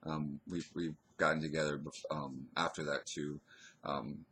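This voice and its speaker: A man with an extremely deep voice and a husky edge tells a personal story. He rambles casually and stops and restarts his sentences often. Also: flat delivery, fairly bright tone. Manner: hesitant, rambling, full of pauses and restarts.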